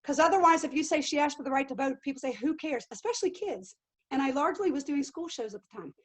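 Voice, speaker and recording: A middle-aged woman, a living history actress, answering interview questions in an animated way and acting out quotes. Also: high voice, quick pace. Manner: animated, acts out quotes and accents.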